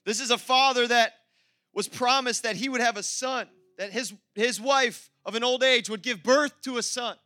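Male pastor, energetic sermon delivery with playful asides; high, sharp voice. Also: normal speed, no echo, faint music behind.

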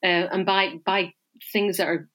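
A middle-aged woman from Scotland and north-east England chats as an interview guest. She talks in a relaxed, halting way, often repeating a word before going on. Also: lowish voice. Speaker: interview guest, event presenter. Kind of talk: casual conversational interview.

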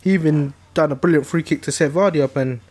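A man's voice: fairly high pitch, fast, a little mellow, husky. A man co-hosting a football podcast, chatting casually with enthusiastic, laid-back praise. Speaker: podcast co-host.

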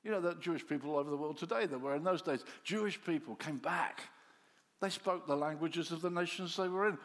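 A man preaching a sermon, telling the story in an animated way and acting out the disciples' voices, dropping to soft low tones for quiet lines. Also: a little fast. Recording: long hall reverb.

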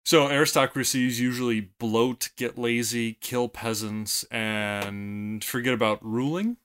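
A man's voice: mid-range voice, steady tone, measured pace, fairly bright tone, clear, resonant tone. A man co-hosting a casual podcast, throwing in sarcastic quips and frequent agreement. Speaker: podcast co-host. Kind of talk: casual banter.

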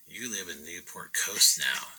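Laid-back bright-voiced man. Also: sits low, expressive, a little slow, slightly rough, low-quality recording. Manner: laid-back, laughing, acts out quotes. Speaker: painter guest. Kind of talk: casual storytelling chat.

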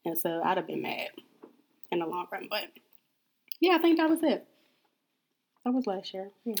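A woman's voice: medium pitch, big pitch swings, normal speed, a little mellow, slight background noise. Chatty laughing woman co-host. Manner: laughs a lot, chatty and joking. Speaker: podcast co-host. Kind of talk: casual chat.

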